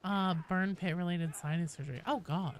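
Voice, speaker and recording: A woman's voice: fairly low pitch, moderate pace, slight background noise. A young woman streaming a game, chatting casually with viewers in a forward, nasal voice and reading chat aloud.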